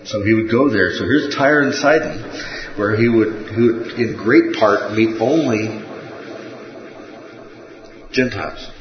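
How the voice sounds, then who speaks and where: A man's voice: lowish voice, takes it slowly, pauses often. A man teaching a Bible study, in a conversational way, with rhetorical questions and frequent checks of "okay?". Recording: muffled, roomy recording.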